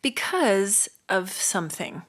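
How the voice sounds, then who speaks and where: Woman, thirties, podcast co-host, teasing, upbeat, mid-pitched voice. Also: expressive, a bit bright. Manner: teasing, quick to laugh, upbeat. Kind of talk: casual sibling chat.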